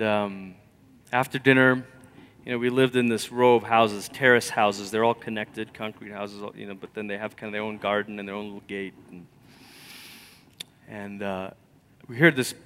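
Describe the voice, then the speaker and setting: Man, pastor, sermon, conversational storytelling, sudden hushed whispers, grew up in Malaysia. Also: fairly low pitch, a little hiss or hum. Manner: dramatic swings from loud to near whisper.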